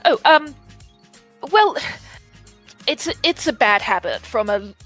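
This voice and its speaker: A woman's voice: a little high, sing-song, slow pace, fairly bright tone, faint music behind, full character voice. A woman voicing a theatrical former leader woman who calls people darling, in a tabletop game. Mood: wry. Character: Karen, a stern former leader woman, smoker.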